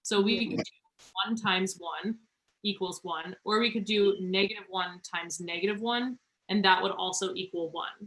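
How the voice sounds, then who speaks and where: A woman tutoring students through a math problem online, encouraging them and talking through each step slowly. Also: mid-range voice, a bit bright, rough recording.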